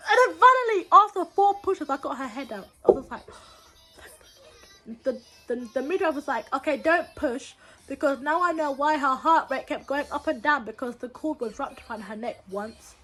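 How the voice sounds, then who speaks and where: Animated young woman telling a story. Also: high voice, moderate pace, faint music behind. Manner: animated, acts out quotes with loud bursts and laughter; slangy, repetitive phrasing. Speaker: vlogger. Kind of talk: casual storytime.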